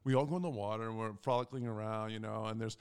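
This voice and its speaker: A young man co-hosting a casual chat, telling a long story and acting out the quotes with big jumps in pitch. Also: fairly even intonation, fast, a little mellow, smooth. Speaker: podcast co-host.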